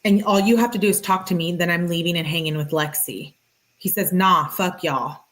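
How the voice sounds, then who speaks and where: A woman's voice: fairly low pitch, brisk. A woman reading text messages aloud and reacting to them in a casual, slangy way with sarcastic asides. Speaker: true-crime commentator.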